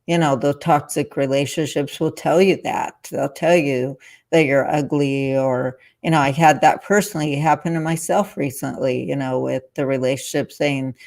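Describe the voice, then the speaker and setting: A woman's voice: sits low, steady tone, normal speed, gravelly, darkish tone. A woman on a podcast who speaks in a reflective, supportive way, often saying "you know". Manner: reflective and supportive, with frequent fillers. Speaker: podcast guest. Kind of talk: casual podcast conversation.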